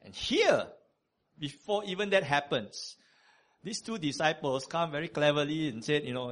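A man preaching a sermon, conversational and animated, with many fillers. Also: a little high, normal speed.

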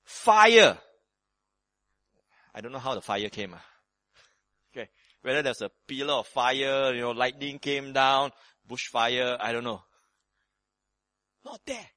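A man preaching a sermon on a Bible passage, animated and dramatic, moving between loud emphasis and hushed tones, with casual asides to his listeners. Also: mid-range voice, unhurried, pauses often, dry recording. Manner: conversational asides with frequent "you know" and "right".

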